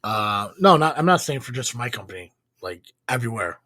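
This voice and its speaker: Brief: male podcast co-host, mid-pitch, loose and profane, dry close sound. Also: big pitch swings, brisk, sharp tone, no room sound. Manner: rambling, profane, many fillers. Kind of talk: casual live podcast chat.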